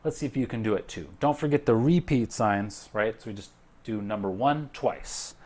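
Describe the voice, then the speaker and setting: A man teaching a recorded music lesson, counting beats aloud in a relaxed way with frequent fillers, while a keyboard plays along. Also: lowish voice, normal speed. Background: keyboard and clapping.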